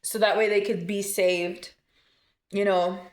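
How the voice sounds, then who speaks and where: A woman's voice: mid-range voice, little pitch movement, slow. Emotional rambling woman in an echoey room. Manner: emotional, rambling storytelling with many fillers and restarts. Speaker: vlogger. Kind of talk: casual storytime vlog.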